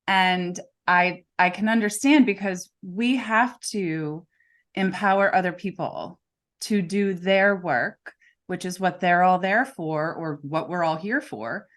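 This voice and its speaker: Woman podcast host, somewhat low voice, emphatic, casual interview chat. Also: slow pace, fairly bright tone. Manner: emphatic, peppers talk with "right?".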